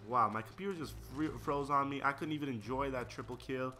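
A man's voice: medium pitch, brisk, hardly any pauses, pushed and bright. A young man rambling through casual gameplay commentary and stories, slangy and easily sidetracked. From United States. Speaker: gaming video creator.

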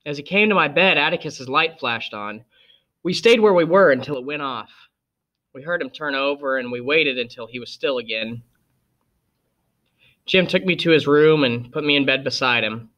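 Man reading a novel aloud, bright tone. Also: on the high side, normal speed, lo-fi sound. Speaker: audiobook reader. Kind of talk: scripted narration.

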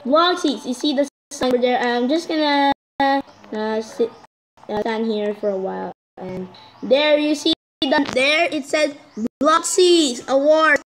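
A woman giving excitable, chatty commentary while playing a game, often calling out to "guys". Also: high-pitched. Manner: excitable, keeps repeating "guys". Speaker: gaming vlogger.

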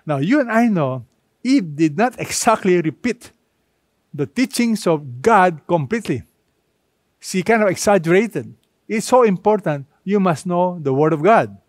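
A man pastor preaching a sermon, emphatic and repetitive, with dramatic pauses between phrases. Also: sits high, lively intonation, dry recording, studio quality.

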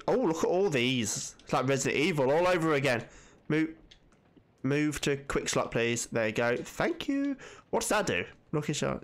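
Excitable gamer with a lively voice. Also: male voice, mid-range voice. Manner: excitable, jumpy, swearing. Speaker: gaming channel host. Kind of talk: let's-play commentary.

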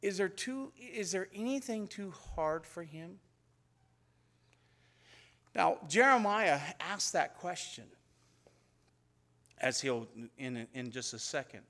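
A pastor telling Bible stories in a conversational sermon and acting out the dialogue. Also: male voice, sits high, fairly bright tone. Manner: conversational storytelling, acts out biblical dialogue. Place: church.

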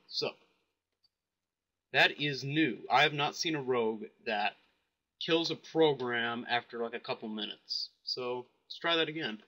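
A man casually demonstrating software while thinking aloud, offhand and a bit puzzled. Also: mid-range voice, a little slow. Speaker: software reviewer. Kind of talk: casual screen-recorded software demo.

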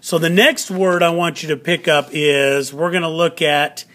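A man's voice: a little high, steady tone, normal speed, fairly bright tone. A man teaching a classroom lesson on video, patient and explaining step by step, repeating key words for emphasis.

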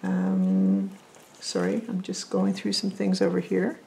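Gravelly-voiced woman chatting while crafting. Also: mid-range voice, sing-song, slow, mellow. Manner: chatty, thinks aloud while working. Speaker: crafting vlogger. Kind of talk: casual crafting chat.

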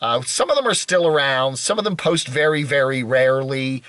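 Bright-voiced rambling American YouTuber man. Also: mid-range voice, animated, moderate pace, no echo. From United States. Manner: rambling, self-deprecating, restarts. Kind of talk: rambling solo talk.

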